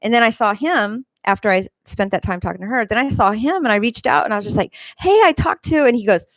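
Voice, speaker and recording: A woman's voice: fast talker, fairly bright tone, no room sound, low-quality recording. Rambling woman host, dry close sound. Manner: rambling, many fillers and restarts; mimics people in high squeals. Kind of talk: casual monologue.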